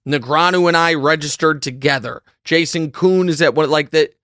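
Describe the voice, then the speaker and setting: A man hosting a sports podcast, talking in an animated, emphatic monologue full of quick asides and restarts. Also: on the high side, no echo, studio quality. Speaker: sports show host. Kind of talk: casual monologue.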